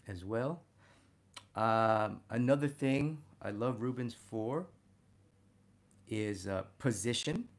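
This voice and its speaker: A man teaching figure drawing and talking through a study, energetic and punctuating his points with "boom". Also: gravelly. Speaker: art instructor.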